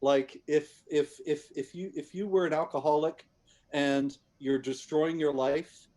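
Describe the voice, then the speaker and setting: A man's voice: on the high side, steady tone, a little slow, a little mellow. A man speaking as a guest in a conversation, making his case emphatically with frequent restarts. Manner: emphatic, repeats words on restarts. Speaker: guest commentator. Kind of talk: conversational argument.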